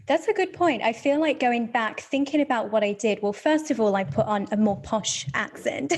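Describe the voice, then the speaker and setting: A woman's voice: on the high side, normal speed. A young woman from the English Midlands with a mixed British and transatlantic accent, telling stories as an interview guest and acting out past conversations. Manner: animated storytelling, acts out past conversations. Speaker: guest photographer.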